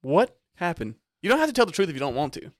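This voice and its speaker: Teasing, animated young man on a podcast. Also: on the high side, fast, no room sound. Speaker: podcast host. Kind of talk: casual chat.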